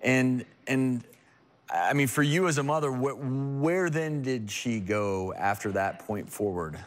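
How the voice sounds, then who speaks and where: A man's voice: medium pitch, animated, a little slow. A man hosting a talk show who interviews a guest in an earnest, emphatic way and speaks directly to viewers.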